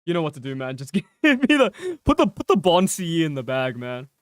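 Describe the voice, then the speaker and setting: Northern English accent, game streamer, laid-back muttering, casual swearing, lively intonation, dry close mic. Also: mid-range voice, brisk, no echo. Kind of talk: casual gameplay commentary.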